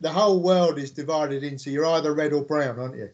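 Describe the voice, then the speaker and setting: A man's voice: fairly high pitch, quick pace, darkish tone, highs cut off. A man hosting a podcast, introducing a guest in a rambling way, full of fillers. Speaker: podcast host. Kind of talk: casual podcast interview.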